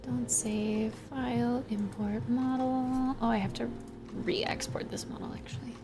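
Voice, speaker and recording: A woman's voice: on the high side, fairly even intonation, measured pace. A woman streaming her 3D art work, chatting casually and half-whispering to herself as she works. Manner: mutters and whispers to herself between chatty remarks. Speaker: streamer and 3D artist. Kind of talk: casual running commentary while working. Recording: background music under the voice.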